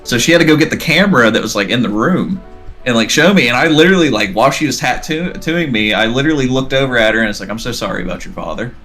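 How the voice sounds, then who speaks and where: A man's voice: mid-range voice, expressive, quick pace, a bit bright. A man telling a long, rambling story in casual podcast chat, acting out the dialogue as he goes. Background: faint background music.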